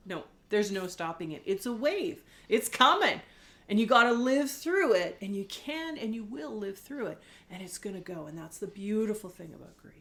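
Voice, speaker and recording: Gentle, candid middle-aged woman. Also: medium pitch, expressive, normal speed. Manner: gentle, candid, tearful at times, rambling with fillers. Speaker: host. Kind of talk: heartfelt personal talk to camera.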